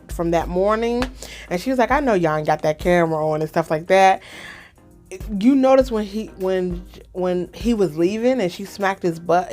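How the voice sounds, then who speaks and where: Woman podcast host gossiping about a reality show, lively, soft music behind. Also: medium pitch. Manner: chatty, animated, acts out quotes. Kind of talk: casual reality TV recap.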